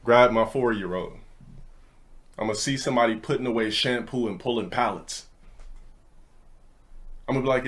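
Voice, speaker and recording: A young man rants in a casual storytelling way, with an ordinary mid-range voice. He is blunt, profane and brash, and often rushes ahead mid-thought. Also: mid-range voice, a bit bright. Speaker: streamer.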